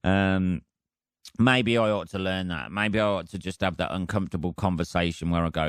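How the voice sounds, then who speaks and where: A man hosting his own podcast as a comedian, rambling through a casual solo monologue in a deadpan, heavily sweary way. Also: low voice, normal speed, clear, resonant tone, no room sound, clean studio sound.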